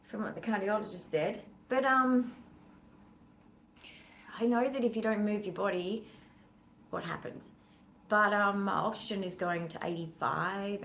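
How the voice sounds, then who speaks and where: A woman's voice: medium pitch, a bit bright, slight background noise, poor audio. An Australian woman chatting casually to her camera as she walks around her home, rambling with fillers and asides. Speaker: vlogger. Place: at home, walking between rooms.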